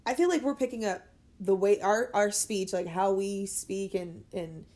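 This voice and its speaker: A young adult woman chatting casually as a podcast guest, talkative and quick to laugh. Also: mid-range voice, a little mellow. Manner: chatty, laughs easily, many fillers. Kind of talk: casual chat.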